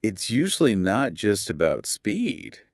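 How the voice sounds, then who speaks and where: A man's voice: on the low side, big pitch swings, slow, no echo, studio quality. A man co-hosting a podcast English lesson, explaining patiently with emphatic stress. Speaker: English teacher, podcast co-host. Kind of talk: scripted podcast lesson dialogue.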